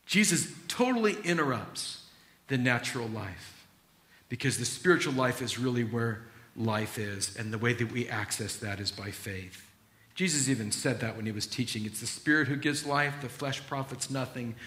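A man preaching a sermon as pastor, acting out Bible scenes in an animated, storytelling way. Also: mid-range voice, normal speed, roomy sound.

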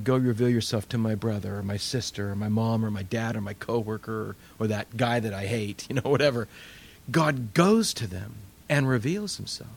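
A man's voice: on the low side, creaky. A man preaching a sermon, telling stories with energy and acting out the people he quotes. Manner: animated storytelling, acts out quoted voices. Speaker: pastor.

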